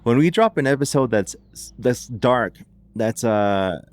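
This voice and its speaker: Speaking a little slowly, a podcast host with an expressive, medium-pitched voice retells a case as casual storytelling. It's a chatty telling, thick with "like"s and restarts.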